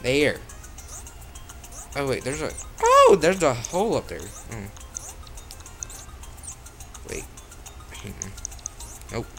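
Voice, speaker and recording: A man playing a phone game, swearing constantly as he comments, with sudden frustrated outbursts, recorded on the phone's own mic. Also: fairly low pitch. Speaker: mobile gamer. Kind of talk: profane let's-play commentary.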